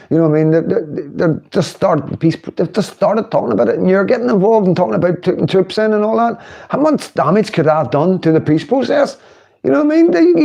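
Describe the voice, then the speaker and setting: A middle-aged man talks into his livestream in a loose, rambling way, laughing often and mocking what he's watching. His voice sits a little high for a man. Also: creaky, dark tone. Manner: chatty, laughing, mocking political commentary. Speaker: livestream host. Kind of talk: casual livestream talk.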